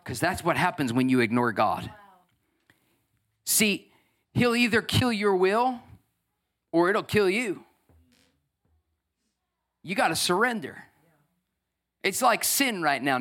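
A man in his thirties preaching a lively sermon as pastor, acting out voices and swinging from loud bursts to soft, tearful moments. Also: high-pitched, a little slow, pauses often. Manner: energetic, acts out voices, swings from shouting to near tears.

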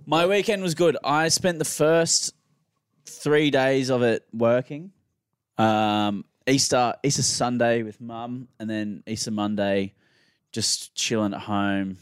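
A man's voice: mid-range voice, takes it slowly, clear, resonant tone, no echo, clean studio sound. A man co-hosting a podcast, casually telling a rambling story and acting out the people in it. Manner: rambling storyteller, animated quotes. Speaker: podcast co-host. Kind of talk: casual chat.

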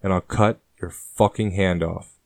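A man's voice: deep voice, steady tone, measured pace, vocal fry, dry recording. A man voicing a fierce young warrior issuing an aggressive threat, in an audiobook. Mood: menacing.

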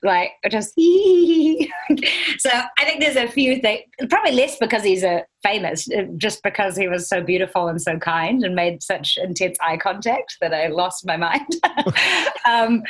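A woman's voice: medium pitch, unhurried. Giggly New Zealand woman in her thirties. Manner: giggly, animated, laughs often. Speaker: guest. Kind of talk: casual interview chat.

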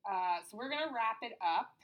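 A woman's voice: a little high, expressive, moderate pace, rough recording. A woman hosting a podcast in casual chat, talking in a chatty way with many ums and uhs. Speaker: podcast host.

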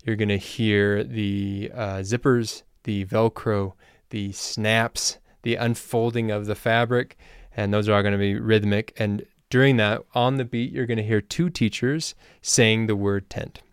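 A man hosting a language-learning podcast, explaining things in a relaxed, casual way with loose fillers. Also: on the low side, unhurried, clear, resonant tone, dry recording, clean studio sound. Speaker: language teacher and podcast host. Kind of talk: casual spoken lesson.

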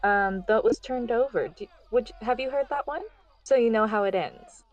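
A woman's voice: fairly high pitch, normal speed, highs cut off. A woman speaking in character in a tabletop game, hesitant and teasing. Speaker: player.

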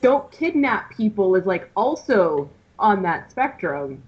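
A woman's voice: mid-range voice, big pitch swings, slow pace. A woman on a casual podcast video call, argumentative and teasing, coming through dull call audio. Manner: argumentative, teasing, talks in bursts.

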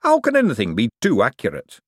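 A man voicing an excitable young male inventor who speaks eagerly and breathlessly. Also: medium pitch, quick pace, husky, dry recording, clean studio sound.

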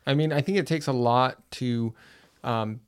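A man's voice: medium pitch, measured pace, smooth. A man hosting a podcast, chatting casually and enthusiastically. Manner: chatty, enthusiastic about hockey. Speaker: podcast host. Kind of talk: casual conversation.

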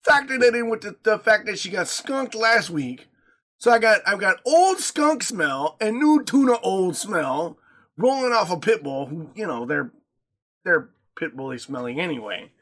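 Animated, high-voiced man telling stories. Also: measured pace. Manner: animated, joking, profane. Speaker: podcast co-host. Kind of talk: casual chat, storytelling.

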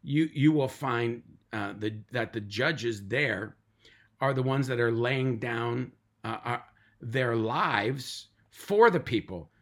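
A man's voice: medium pitch, takes it slowly, fairly bright tone. A middle-aged man, a pastor, giving an emphatic podcast sermon and repeating lists of words for weight.

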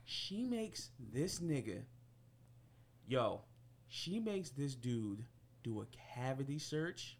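A young man hosting a podcast, telling a story in casual chat, animated and slangy and swearing freely. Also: mid-range voice, takes it slowly, long pauses. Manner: animated and slangy, swears freely, gets loud when outraged. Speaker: podcast host.

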